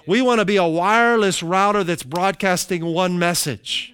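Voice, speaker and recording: A middle-aged man preaching a sermon as pastor, slowing down to stress key phrases and dropping into conversational asides. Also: sits high, fairly bright tone, smooth, no room sound. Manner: slows down for emphasis, conversational asides.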